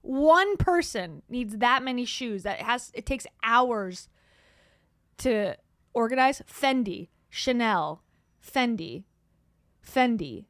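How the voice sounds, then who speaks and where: A woman's voice: fairly high pitch, expressive, slow pace, no echo, studio quality. A woman hosting a gossip commentary show, talking in a sarcastic, scoffing way. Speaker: commentary host.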